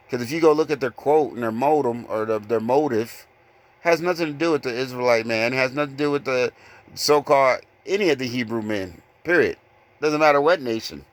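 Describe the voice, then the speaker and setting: A man preaching informally from scripture, confronting listeners with blunt rhetorical questions and reading verses slowly. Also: medium pitch. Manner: repeated rhetorical questions, "guess what?"; reads verses slowly and deliberately.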